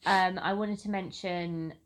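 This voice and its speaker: A woman co-hosting a casual music podcast, bubbly and quick to laugh. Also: lowish voice, steady tone. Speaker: podcast co-host. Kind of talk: casual chat.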